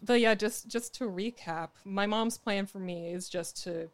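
A young woman chats casually as a podcast co-host. She tells her stories with animation, acts out the lines she quotes, and laughs easily. Her voice sits at a middle pitch. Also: measured pace. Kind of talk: casual chat.

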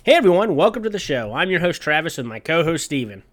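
A man's voice: on the high side, big pitch swings, quick pace, fairly bright tone, no room sound, clean studio sound. A young man hosting a sports podcast, joking around in casual, rambling banter. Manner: jokey, playful, rambling. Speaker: podcast host.

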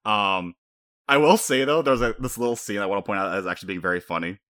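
A man co-hosting a casual podcast, talking fast and animated, laughing often and breaking into high-pitched impressions. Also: dry recording. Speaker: podcast co-host. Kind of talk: casual chat.

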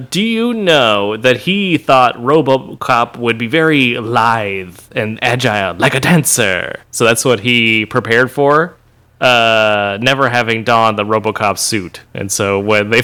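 A man's voice: medium pitch, sharp tone, clean tone. Playful, teasing male podcast co-host. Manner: playful, teasing, laughs often, mock-announcer asides. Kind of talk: casual chat.

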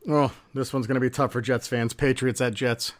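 A man co-hosting a sports podcast, talking in casual chat and going off on animated rants. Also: mid-range voice, fairly quick. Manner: ranting, animated complaints. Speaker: podcast co-host.

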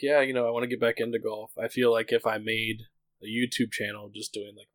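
A man's voice: on the low side, no room sound, poor audio. A man in his thirties, co-hosting a podcast, talking candidly in a rambling casual chat full of "like" fillers. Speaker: podcast co-host.

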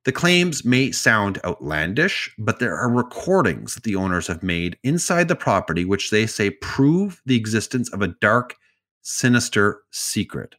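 A man's voice: fairly low pitch, sing-song, a little slow, fairly bright tone. A man co-hosting a podcast, casually retelling strange news stories with asides and jokes. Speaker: podcast co-host telling stories. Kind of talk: casual storytelling chat.

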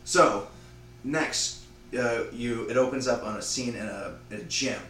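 A man's voice: mid-range voice, a bit bright, reverberant, far from the mic, a little hiss or hum, low-quality recording. Rambling man telling a story. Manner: rambling, acts out lines in quick voices. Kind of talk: casual retelling of a made-up movie plot.

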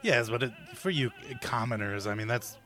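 A man's voice: mid-range voice, normal speed, sharp tone, close to an everyday voice. A man voicing a pompous, haughty English king, with lofty phrasing.

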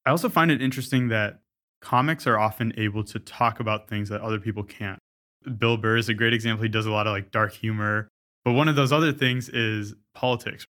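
A man's voice: fairly low pitch, fairly even intonation, fairly quick, fairly bright tone. A man interviewing a guest, asking thoughtful questions and hedging his points. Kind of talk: casual interview conversation.

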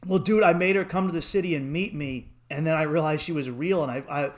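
Rambling, swearing young man telling stories. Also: quick pace. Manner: rambling, swears freely, acts out quotes in a high voice. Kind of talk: casual chat, storytelling.

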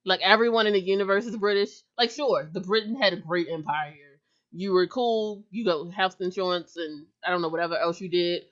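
A woman's voice: fairly low pitch, fairly quick, dull audio. A woman co-hosting a casual podcast chat, talkative and giggly, full of filler words. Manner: chatty, giggly, lots of "like" fillers. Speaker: podcast co-host.

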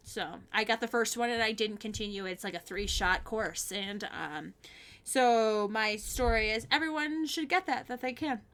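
Bright-voiced blunt woman podcast host. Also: on the high side, moderate pace. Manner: blunt, frank, swears and laughs often. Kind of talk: casual advice chat.

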